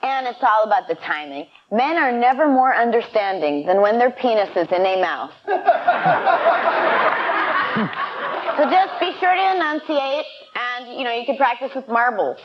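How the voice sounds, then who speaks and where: A woman comedian on a panel, delivering crude jokes in a dry, deadpan way. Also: a little high, unhurried. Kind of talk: comedic advice segment. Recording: muffled broadcast audio with faint hiss.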